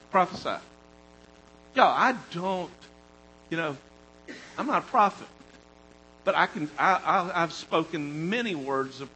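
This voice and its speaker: Man, sermon, high voice, bright tone, animated preaching, swings loud and quiet. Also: slight background noise, rough recording. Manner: animated and conversational, swinging between loud emphasis and quiet storytelling.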